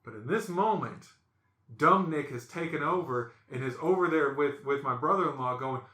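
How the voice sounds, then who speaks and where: A man hosting a podcast, telling stories in a casual, animated way and acting out the voices in them. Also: fairly high pitch, normal speed, echoey room. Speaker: podcast host. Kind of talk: casual storytelling chat.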